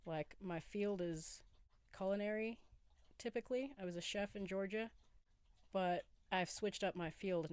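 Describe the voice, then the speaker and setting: A woman's voice: fairly low pitch, no room sound. A woman in her forties hosting a casual solo podcast from her camper van, groggy with a morning voice, laid-back and giggly, dropping slang and swearing. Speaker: podcast host.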